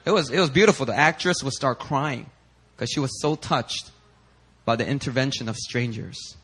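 Bright-voiced animated male pastor. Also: mid-range voice, moderate pace, slightly rough, poor audio. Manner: animated, acts out quoted people in raised voices. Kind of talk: sermon.

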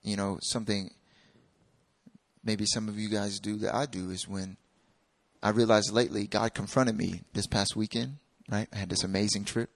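A man's voice: on the low side, fairly even intonation, moderate pace, dry recording. A man preaching a sermon in a conversational way, acting out little dialogues.

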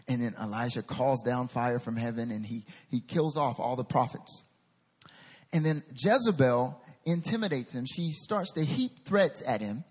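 A man preaching a sermon as a pastor, animated and acting out scripture voices. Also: medium pitch, in a large hall.

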